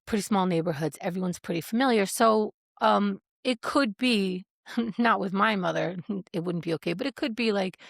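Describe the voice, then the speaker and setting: A woman's voice: mid-range voice, vocal fry, dry recording, studio quality. A woman in her fifties telling personal stories to camera in a candid, wry, hesitant way, full of fillers. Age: 50s. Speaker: vlogger. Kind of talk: reflective personal storytelling.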